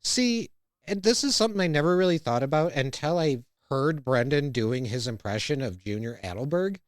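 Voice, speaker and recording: A man hosting a podcast, recapping a cartoon episode in relaxed casual chat. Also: on the high side, moderate pace, dry recording, studio quality. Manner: relaxed, recaps scenes by reading out quotes. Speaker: podcast host.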